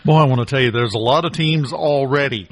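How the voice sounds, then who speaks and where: A man hosting a morning talk radio show, chatting casually and joking with quick asides. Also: medium pitch. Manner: jokey and relaxed, with quick asides. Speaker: radio host.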